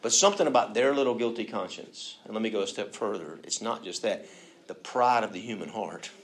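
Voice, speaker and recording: A man delivers a sermon in a relaxed, conversational way. He often slips into little acted-out voices and moves between hushed and loud passages. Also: lowish voice, fairly quick. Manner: conversational, acts out quoted voices, swings from soft to loud. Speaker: pastor.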